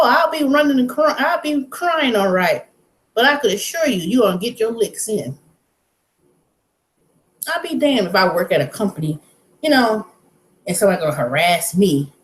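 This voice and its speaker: A woman hosting her own vlog, ranting bluntly and profanely in casual talk. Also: mid-range voice. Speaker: vlog host. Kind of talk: casual rant to camera. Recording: roomy echo.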